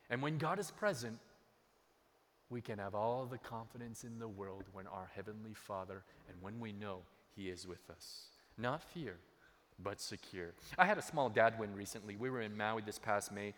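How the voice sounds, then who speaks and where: Here the pastor's voice is on the low side and fairly bright, at a moderate pace. He shares personal stories in his sermon, hammering key phrases through repetition, and the sound has a long hall reverb.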